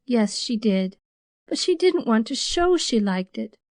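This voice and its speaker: A woman's voice: a little high, very animated, measured pace, darkish tone, no echo, clean studio sound. A woman voicing an earnest teenage girl, tearful and pleading, in a storybook reading.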